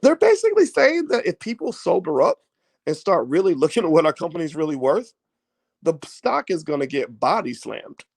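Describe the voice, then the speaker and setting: A man talking through a casual finance livestream in a fairly high voice that swings widely up and down. His delivery is animated and preachy, full of folksy everyday comparisons and lines repeated for emphasis. The sound is dry and close. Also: no echo. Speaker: finance commentator.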